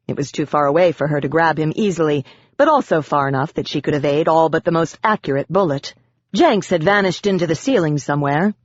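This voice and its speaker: A narrator telling a dark fantasy story in the first person, measured and dramatic. The voice sits at a middle pitch, and the recording is dull with no room echo. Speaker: audiobook narrator. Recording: dull, dry lo-fi audio.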